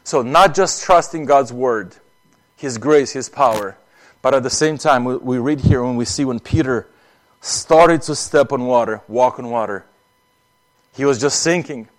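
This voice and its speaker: A man's voice: mid-range voice, measured pace. A man preaching an earnest sermon, often acting out prayers and repeating words as he speaks.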